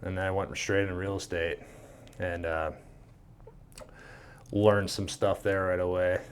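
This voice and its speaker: A man's voice: deep voice, measured pace, slight background noise. A man in his thirties from Minnesota, a podcast guest telling a story casually, acting out the voices and swearing freely. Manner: animated, swears freely, acts out quoted dialogue.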